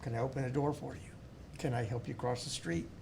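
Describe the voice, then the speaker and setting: A middle-aged man with a South Texas accent, a podcast guest who tells stories warmly, often restarting and repeating words. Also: medium pitch, flat delivery, fairly quick, slight background noise. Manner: warm storytelling with many restarts and repeated words. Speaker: podcast guest, school board member. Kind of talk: casual interview storytelling.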